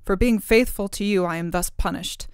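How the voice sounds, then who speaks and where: A woman's voice: mid-range voice, moderate pace, clean tone, no room sound, clean studio sound, natural voice. A woman voicing a faithful king turned into a blue bird, speaking tenderly in a storybook reading. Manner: tender, devoted.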